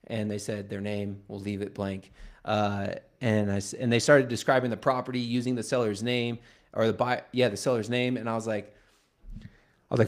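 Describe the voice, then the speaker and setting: A man's voice: mid-range voice, quick pace. A man leading a real estate team, talking casually on a livestream and retelling stories with joking asides and quoted dialogue.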